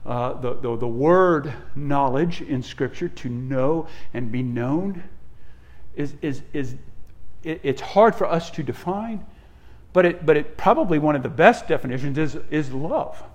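A pastor delivers a sermon in a slightly high voice. He preaches emphatically, often restarting his sentences and repeating words as he builds a point. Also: expressive, unhurried, a little mellow.

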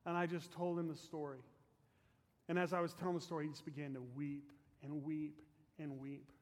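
A man preaching a storytelling sermon as pastor, earnest and fervent, letting his phrase ends fall soft, then leading a prayer. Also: a little high, little pitch movement, normal speed, in a large hall.

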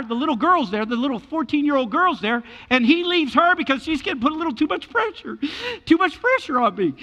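A man preaching a sermon as pastor, animated and repeating his key words for emphasis. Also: very high voice, in a large hall.

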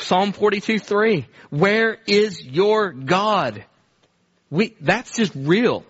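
Man, pastor, earnest conversational sermon, fairly high voice, dull lo-fi recording. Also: a bit bright, breathy edge.

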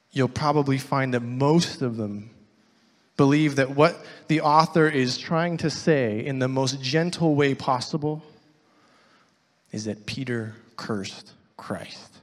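A man preaching a sermon in a hall with a long, lingering reverb. He reads scripture aloud and comments on it, going from loud, emphatic lines to soft, almost whispered ones. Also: mid-range voice. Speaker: pastor.

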